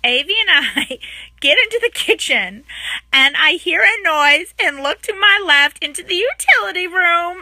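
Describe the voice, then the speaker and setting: A young woman telling a funny story about her own life in an excitable, dramatic way. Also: very high voice, measured pace, no echo. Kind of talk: storytime narration.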